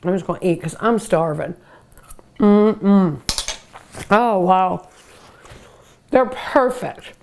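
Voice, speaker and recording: A woman's voice: mid-range voice, expressive, slow, long pauses, darkish tone, a little hiss or hum. An older woman hosting a cooking show, chatting and gushing enthusiastically while she eats. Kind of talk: casual cooking show talk.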